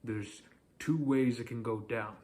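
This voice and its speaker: A man's voice: medium pitch, measured pace, mellow. A man giving dating advice in a casual, direct monologue, coaching the listener and often checking in with "okay?".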